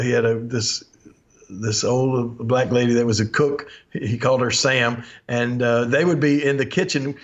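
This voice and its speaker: A man's voice: mid-range voice, fairly bright tone. An older man, hosting a podcast and telling rambling stories, laughing often and acting out old quotes. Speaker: podcast host. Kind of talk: storytelling chat. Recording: slightly dull lo-fi audio.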